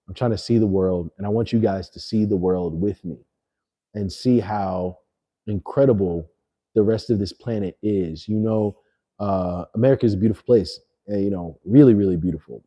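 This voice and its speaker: A man's voice: deep voice, mellow. A man hosting a livestream, talking loosely and slangily to his chat after a few beers. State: a little tipsy. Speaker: livestream host. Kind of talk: casual livestream rant.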